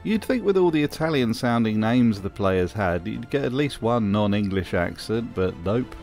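A man's voice: on the low side, animated, moderate pace, a little mellow, faint music behind. Sardonic male commentary host. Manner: sardonic, mocking. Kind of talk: comedic review commentary.

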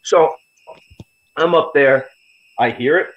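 A man's voice: on the high side, slow, a bit bright. A man, a podcast guest, telling a story in a blunt, heavily profane, casual way. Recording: slightly dull lo-fi audio.

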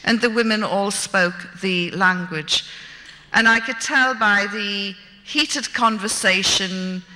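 A woman recounts a gripping personal story, vivid and self-mocking in her wit. She speaks slowly, with a strikingly bright, forceful tone. Her voice carries a long reverb, as if she were in a large hall. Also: mid-range voice. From Britain.

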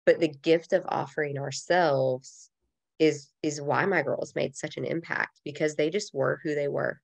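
A woman's voice: deep voice, steady tone, unhurried, vocal fry, dry recording. A woman in her thirties, a podcast guest, speaks earnestly and reflectively in a heartfelt conversational interview, with casual fillers.

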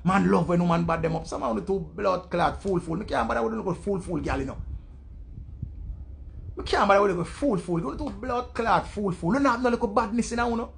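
A young Jamaican man rants in thick, profane patois and flips into mocking impressions of other people. His voice sits high for a man and has a gravelly edge. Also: a little fast, slight background noise. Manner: loud, profane patois rant, mimicking voices. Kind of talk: ranting commentary.

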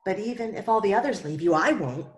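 A woman's voice: fairly high pitch, expressive, moderate pace, creaky, reverberant, pitched above the performer's own voice. An eager disciple from a children's Bible story protests with earnest, insistent devotion, as a woman reads him aloud. His lines come out a little lifted and pressing. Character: eager, devoted grown male disciple Peter.

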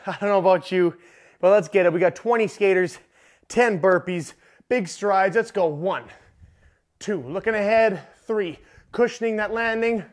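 A man with a fairly high voice leads a home workout as the trainer, calling out rep counts while he exercises along. He takes his time between words. His cues stay upbeat and encouraging throughout. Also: unhurried, long pauses. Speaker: fitness trainer. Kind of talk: workout coaching.

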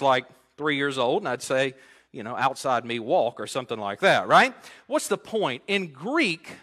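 An American male pastor with a fairly high, sharp voice preaches an expository sermon conversationally, often putting questions to his congregation.

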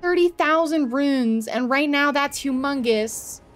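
A young woman with a high voice streams a video game, shrieking, swearing and laughing as things go wrong. Between the outbursts she talks to her chat at an unhurried pace, mocking herself. Faint music plays underneath. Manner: loud yelps, swearing and laughing reactions. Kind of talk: live gameplay commentary.

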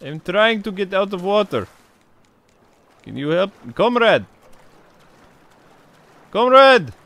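A man's voice: sits high, lively intonation, unhurried, vocal fry, voice pushed up, full character voice. A gaming streamer putting on an exaggerated Russian accent for a goofy male tough guy, talking in broken grammar. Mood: yelling playful. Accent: Russian, put on and exaggerated. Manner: broken grammar, loud playful yelling.

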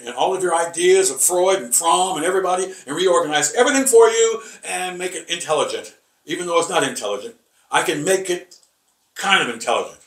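A man teaching a rambling Bible lesson, halting and repeating words with many fillers, emphatic and combative. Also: fairly high pitch, a bit bright. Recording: echoey room, voice from far off.

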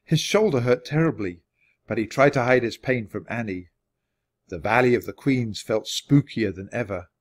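A man with a voice of middle pitch narrating a children's chapter book. He reads at an even, natural pace and keeps the storytelling clear. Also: moderate pace. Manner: steady, clear read-aloud pacing. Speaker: storybook reader.

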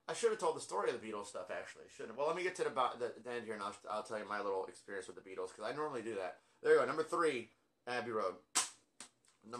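Rambling man with a bright voice. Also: mid-range voice. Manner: rambling, self-deprecating, lots of fillers. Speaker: music collector vlogger. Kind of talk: casual album-ranking chat.

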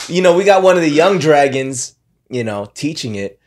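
A man's voice: on the high side, lively intonation, normal speed. A man, a podcast guest telling a loose story full of fillers and swearing. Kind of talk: casual storytelling chat.

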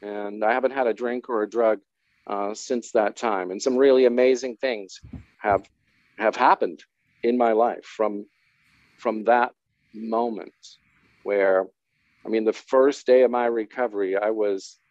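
A man's voice: on the low side, steady tone, a little slow, darkish tone, dry recording. A man telling his recovery story in a candid interview, rambling and self-deprecating with wry humor. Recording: dull, dry lo-fi sound.

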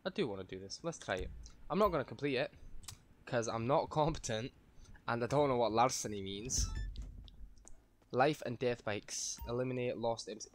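A man's voice: medium pitch, expressive, a little fast, pauses often, slight background noise. A man streaming a game, rambling and self-mocking as he plays and swearing freely. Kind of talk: casual gameplay commentary.

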